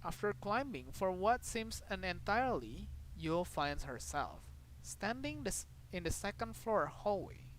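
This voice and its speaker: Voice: mid-range voice, sing-song, a little slow, a little hiss or hum, rough recording. Streamer reading dramatically. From Indonesia. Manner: dramatic reading with sudden loud outbursts and asides. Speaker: game streamer. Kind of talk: reading a visual novel aloud on stream.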